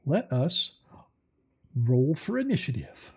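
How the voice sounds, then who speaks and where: Male game master, gravelly and unhurried, halting while he searches his notes. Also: medium pitch, very animated, a little mellow. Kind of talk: narrating a tabletop game.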